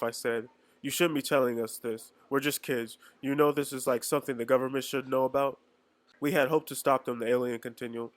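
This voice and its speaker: A man's voice: medium pitch, no room sound. A man reading a novel aloud in an amateur read-along, plain delivery with small stumbles and restarts. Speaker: reader.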